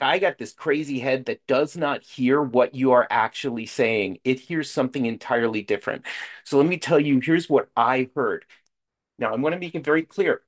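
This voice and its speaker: A middle-aged man speaks frankly at a support meeting in a conversational way, full of fillers and asides. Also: mid-range voice. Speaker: speaker sharing at a recovery meeting. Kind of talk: personal share at a support meeting.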